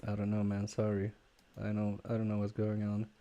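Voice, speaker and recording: A man casually chatting with viewers on a live stream while repairing a game controller, talking haltingly with fillers and restarts. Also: fairly low pitch, monotone, mellow, lo-fi sound. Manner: halting, many fillers and restarts, chuckling asides. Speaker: repair livestreamer.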